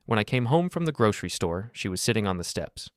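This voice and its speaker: A man with a lowish voice narrates a first-person story. His delivery is flat and detached, and the recording is dry and close. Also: fast, no room sound.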